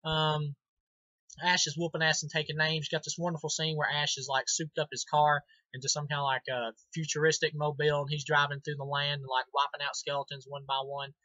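A man's voice: fairly high pitch, level tone, brisk, pushed and bright, no room sound, dull audio. A man giving a casual movie review, enthusiastic and rambling, with many ums and restarts. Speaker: film reviewer.

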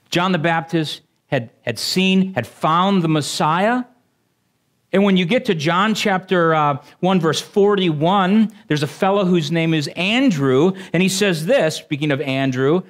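A male pastor preaches in a high, lively voice that leaps up and down. He trades jokes with the congregation and then climbs to fervent, excited declarations. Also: unhurried. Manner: animated, rising to exclamations; jokey asides to the congregation. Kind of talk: sermon.

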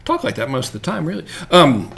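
A man's voice: on the high side, huge pitch swings, fairly quick, gravelly, a bit bright. Jokey, loose-talking man teaching marketing. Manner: loose and jokey, full of fillers and check-ins. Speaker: marketing coach. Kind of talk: casual live-streamed teaching.

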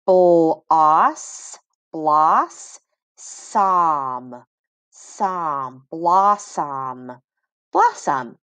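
Slow, patient woman teaching phonics. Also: on the low side, no echo. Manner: slow, sounds words out syllable by syllable, encouraging. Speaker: reading teacher. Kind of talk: phonics lesson for children.

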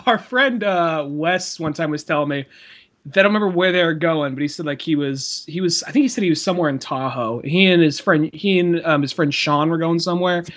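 A podcast co-host with a slightly high, somewhat bright voice talks briskly, telling rambling stories in casual conversation. He swears freely and laughs often.

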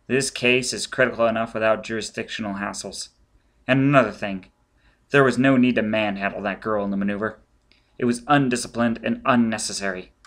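A man's voice: on the low side, steady tone, fairly quick, a bit bright, close to an everyday voice. Stern male intelligence chief, clipped, firm, audiobook reading, done by a man.

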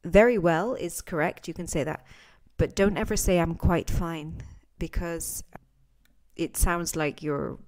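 In a chatty podcast lesson, a woman teaches English phrases, acting out example lines with lively intonation. Her pitch is fairly low and her delivery a little slow.

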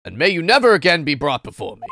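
A woman doing a stern, low-voiced judge. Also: big pitch swings, fairly bright tone, slight background noise, exaggerated voice. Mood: solemn. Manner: formal, measured. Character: stern, dignified adult male British judge.

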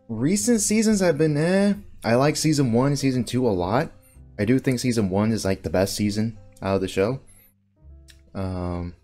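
A man's voice: medium pitch, darkish tone. A man hosting a casual podcast, rambling through a movie list and swearing casually. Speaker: podcast host.

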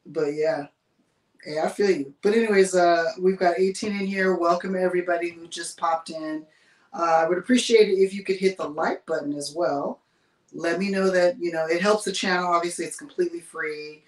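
A chatty woman hosts a laid-back livestream, greeting viewers and reading out their comments with frequent laughter. Her voice sits at a middle pitch. It is heard in a roomy, echoing space, some distance from the mic. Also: normal speed. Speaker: livestream host. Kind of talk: casual livestream chat.

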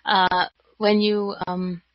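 Female co-host, mid-pitched chatty voice, hesitant with fillers, dry muffled recording. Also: flat delivery, slow, no room sound. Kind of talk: casual chat. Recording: dry, dull lo-fi sound.

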